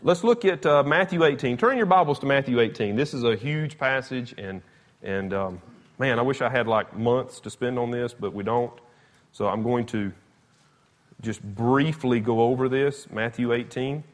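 Brief: man, casual Bible teacher, emphatic storytelling, mid-pitched voice. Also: normal speed. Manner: conversational, emphatic, retells scripture with animated quotes. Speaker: preacher. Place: church or classroom with slides.

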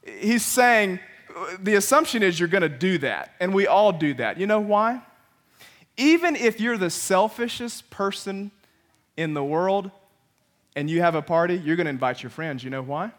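A man preaching a sermon as pastor, playful and animated, acting out little voices as he goes. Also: high voice, normal speed.

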